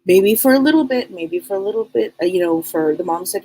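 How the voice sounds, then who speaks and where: A woman's voice: medium pitch, expressive, a little fast, mellow, slight background noise, poor audio. A woman hosting a live broadcast as a psychic medium, talking earnestly in a casual, rambling way and often repeating and restarting her words.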